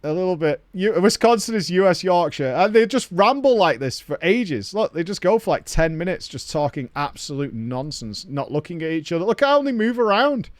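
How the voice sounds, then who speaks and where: Swearing Northern English streamer, lively pitch. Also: male voice, normal speed, few pauses, dry recording, clean studio sound. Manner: swears freely, rambling banter. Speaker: streamer reacting to a game. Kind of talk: casual live-stream commentary.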